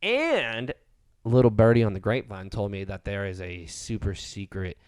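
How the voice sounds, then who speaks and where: Low-voiced, profane man. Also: sing-song, normal speed, a little mellow, smooth, dry recording. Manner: loose, profane storytelling. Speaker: podcast co-host. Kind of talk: casual podcast chat.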